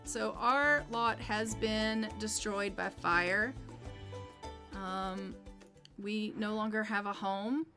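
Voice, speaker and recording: A woman's voice: medium pitch, takes it slowly, music in the background. A woman giving casual commentary on her own gameplay, chatty and thinking aloud as she plays. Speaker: gaming YouTuber.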